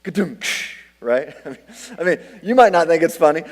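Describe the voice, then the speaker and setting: A middle-aged male pastor preaching a sermon, telling self-deprecating stories in an animated way. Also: fairly high pitch, moderate pace. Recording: long hall reverb.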